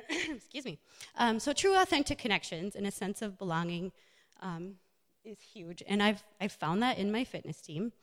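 A woman's voice: medium pitch, lively intonation, normal speed. A woman, a nurse and wellness coach, giving a personal motivational talk with slides, earnest and full of fillers. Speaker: speaker, health and wellness coach. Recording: echoey hall.

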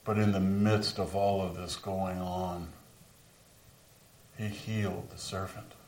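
A man takes on the remorseful apostle Peter in a live first-person monologue. His voice sits very low and moves unhurriedly, earnest, sinking into whispers when sorrow takes over. It is picked up from a distance in a roomy space with a faint hiss behind it. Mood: grave. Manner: earnest, dropping to whispers at moments of grief. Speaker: dramatic monologue performer. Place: large room with a live audience. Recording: roomy sound from a distant mic.

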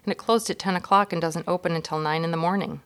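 A woman's voice: lowish voice, steady tone, fast, smooth, natural voice. Woman reading as an exasperated father. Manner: exasperated, earnest. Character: exasperated, helpless father on a road trip. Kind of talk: children's storybook reading.

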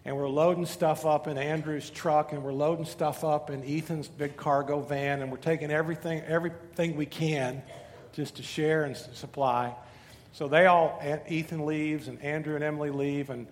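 Animated pastor preaching in a reverberant hall. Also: male voice, on the high side, normal speed. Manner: animated, swings from loud urgency to hushed asides. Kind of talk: sermon. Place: church sanctuary.

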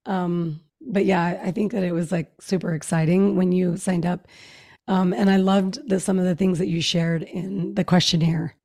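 A woman hosting a podcast, asking questions in a relaxed way with hesitant fillers. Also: lowish voice, moderate pace. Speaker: podcast host. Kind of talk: casual interview.

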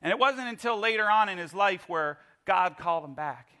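A middle-aged man giving a sermon as a pastor, telling stories in an animated, playful way. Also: sits high, a little fast.

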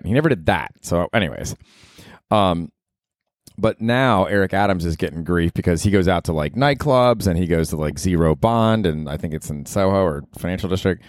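Comedian guy talking on his podcast, real low voice, swears a lot, rambly and jokey, super dry close mic sound. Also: fairly quick, no room sound. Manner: profane, rambling, self-mocking, with bursts of excited emphasis. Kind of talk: casual solo podcast monologue.

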